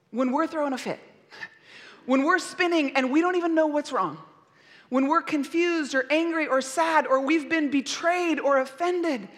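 A middle-aged woman pastor preaching a sermon, gentle and earnest, soothing at times. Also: high voice. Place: church. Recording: long reverb of a church hall.

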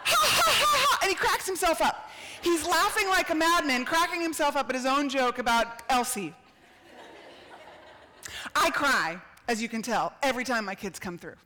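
Brief: middle-aged woman, lively storytelling sermon, high and bright voice, echoing in a large hall. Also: moderate pace, noisy background. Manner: animated, acts out quotes, laughs and shouts. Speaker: speaker at a church gathering.

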